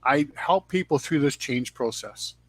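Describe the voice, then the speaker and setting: A middle-aged man answers as a guest coach over a video call. He speaks in a measured, earnest way, sometimes stumbling and restarting a word. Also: mid-range voice, expressive, dry recording. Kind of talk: interview answers.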